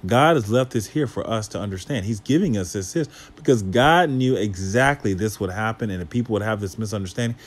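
A man with a fairly low voice reads old scripture verses aloud and then unpacks them for his listeners. He keeps asking rhetorical questions and drops casual asides as he explains. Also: brisk, hardly any pauses. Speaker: Bible teacher. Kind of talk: Bible study teaching.

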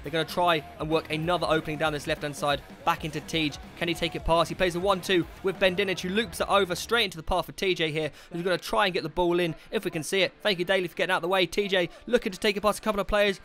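Excitable young man commentating football. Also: high-pitched, fast talker, hardly any pauses. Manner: chatty and excitable, shouts at big moments. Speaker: commentator of his team's amateur football match.

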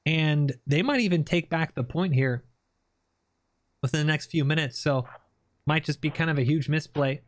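A man giving lively, joking play-by-play commentary over tactical shooter gameplay as the channel host. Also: fairly high pitch, moderate pace, long pauses.

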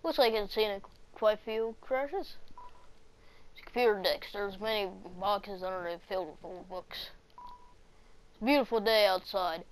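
A woman's voice: medium pitch, normal speed, long pauses, a little hiss or hum. A woman playing through a game, reading its text aloud and joking about what she sees. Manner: reads game text aloud, quips at the screen. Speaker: game player voicing characters. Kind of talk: playthrough commentary with character voices.

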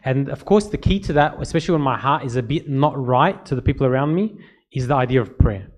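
A priest gives an informal talk to church servants, telling stories in a conversational way. His medium-pitched voice is a little mellow, quick, and lively in intonation, and he repeats words to emphasize them.

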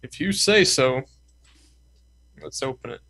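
A man playing a tabletop game, talking casually in a brash, impatient way with quick questions. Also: medium pitch, lively intonation, fairly bright tone. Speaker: player.

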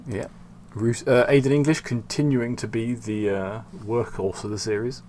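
A young man chatting over a wrestling simulation game, skeptical and wry in his comments. Middle pitch, relaxed delivery, faint typing behind him. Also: moderate pace, slight background noise. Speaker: channel host.

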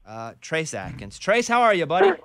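A man's voice: a little high, wildly swooping pitch, moderate pace, a bit bright, a little hiss or hum. A man hosting a morning radio show, chatting upbeat with a caller and a guest. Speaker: radio host. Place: radio studio. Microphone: studio mic.

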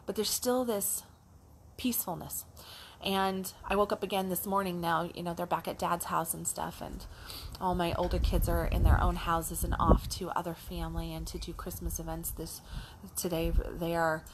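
A middle-aged woman coach telling a casual, animated story, acting out the lines of her child and herself. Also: on the low side, normal speed, a little hiss or hum. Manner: animated, acts out a child's voice and her own in quotes. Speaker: life coach.

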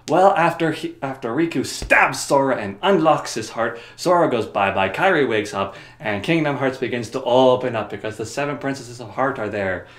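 A man casually rambling through a comedic story summary, jokey and offhand, recorded in a roomy space. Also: medium pitch. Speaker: video creator. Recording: roomy echo.

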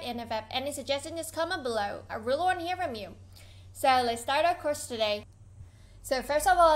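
A woman teaching Chinese vocabulary as a language teacher, saying words clearly and drawing them out for learners to repeat. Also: high voice. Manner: patient, clear, drawn-out pronunciation for learners. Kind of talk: slow vocabulary lesson with repeat-after-me drills.

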